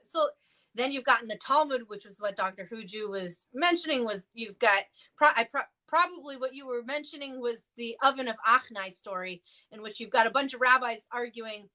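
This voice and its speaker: Speaking a little fast, a woman with a pushed, bright voice chats casually as a clergy guest on a livestream discussion. Her stories are loose and full of fillers, and she performs the quoted voices with sudden pitch jumps.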